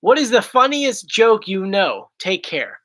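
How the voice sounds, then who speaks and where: A man's voice: high voice, big pitch swings, unhurried, a bit bright. A man hosting a casual question-and-answer chat, telling goofy stories in a playful way. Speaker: YouTube host.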